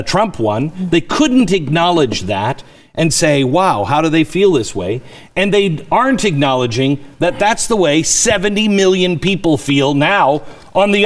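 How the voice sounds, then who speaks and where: Male talk host, passionate and emotional, with a lively, swooping delivery. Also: fairly high pitch. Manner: impassioned, emotional, repeats words when stirred. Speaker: show host. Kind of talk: opinionated talk show commentary.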